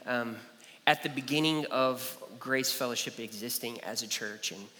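Bright-voiced pastor preaching in a reverberant hall. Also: male voice, medium pitch. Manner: earnest, personal storytelling with repeated phrases. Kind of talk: sermon. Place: church sanctuary.

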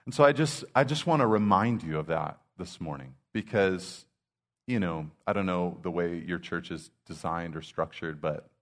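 Deep-voiced man preaching conversationally. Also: normal speed. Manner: casual, heavy use of "you know", animated acted-out asides. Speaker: pastor. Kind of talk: conversational sermon.

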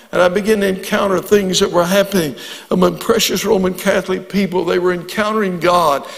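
An older man preaching a sermon in a voice pitched high for a man. He tells stories and builds into fervent prayer. His words ring out with a long reverb through a large hall. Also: gravelly, fairly bright tone. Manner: storytelling, rises to fervent prayer. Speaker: guest preacher.

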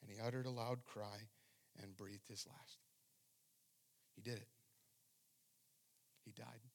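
A man's voice: on the low side, fairly even intonation, slow pace. A man preaching a sermon as pastor, reading scripture and speaking with fervent emphasis.

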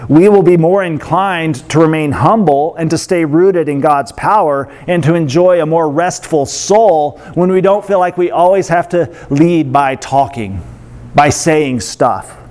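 A man with a somewhat high voice preaching to his congregation. He talks in a loose, conversational way, breaking into laughs and little acted-out asides. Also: unhurried, a little mellow. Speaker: pastor. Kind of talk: sermon.

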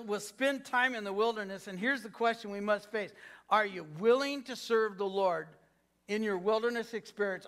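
A man's voice: high-pitched, a bit bright. A man preaching a sermon as pastor, asking the congregation to repeat phrases after him. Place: church sanctuary.

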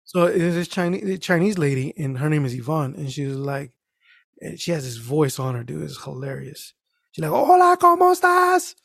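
In a clean studio recording with no echo, a male guest tells a work story over casual chat at a moderate pace. His voice sits a little high with some vocal fry, and he's animated and profane, performing the voices of the characters.

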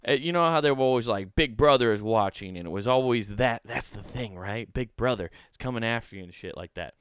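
A man's voice: mid-range voice, a little fast, fairly bright tone, clear, resonant tone, no echo, clean studio sound. Profane rambling podcast host, man. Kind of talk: casual podcast commentary on news articles.

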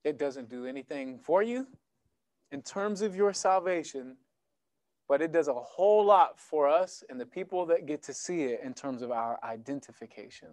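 A young man preaches to his church in a lively, conversational way, slipping into quick acted-out exchanges to make his point. His voice sits high for a man. The sound is close and dry, with no room echo. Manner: animated, conversational preaching with sports analogies. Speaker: pastor. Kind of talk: sermon. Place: church sanctuary.

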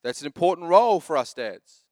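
Brief: lively male pastor in his thirties, joking sermon delivery, slightly high voice, dry close sound. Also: a little fast, dry recording. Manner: animated, joking storyteller who shifts into exhortation.

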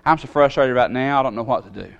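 A man telling a long personal story in a sermon, in a folksy, animated way with sudden jumps in pitch. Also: fast talker, gravelly, highs cut off.

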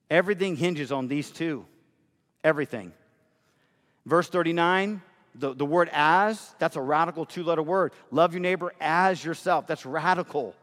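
A man's voice: a little high, fairly bright tone, big-room sound. A pastor preaching a sermon with rising emphasis, his voice carried through a large church sanctuary.

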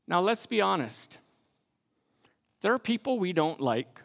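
A very high-pitched man delivers a joking sermon at an unhurried pace, stumbling over restarts and then falling to a hush for effect. His voice rings with a long reverb, as if he's in a large hall. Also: big pitch swings, vocal fry. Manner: storytelling with frequent restarts and sudden quiet, dramatic drops. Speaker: pastor. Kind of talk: humorous sermon.

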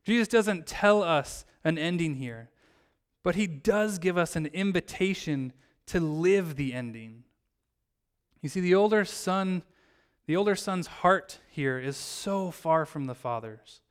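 A man's voice: on the high side, unhurried, smooth. A man preaching a sermon as pastor, telling a story and acting out its characters' lines in his own voice. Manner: storytelling, acts out the characters' lines with lively shifts.

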